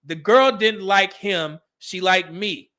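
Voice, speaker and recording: A man's voice: high-pitched, slow, sharp tone. A middle-aged man from California, hosting a casual commentary stream and giving blunt, profane advice. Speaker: host.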